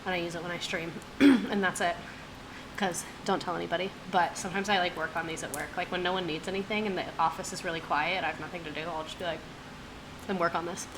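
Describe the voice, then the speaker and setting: A woman in her twenties hosting a casual live stream, talking very fast and gasping for air between phrases. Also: on the low side, steady tone, background noise. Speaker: streamer host. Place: home streaming setup.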